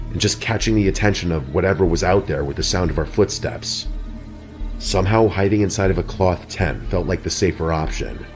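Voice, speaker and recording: A man narrating a scripted horror story in a steady, even storytelling delivery. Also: low voice. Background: soft background music.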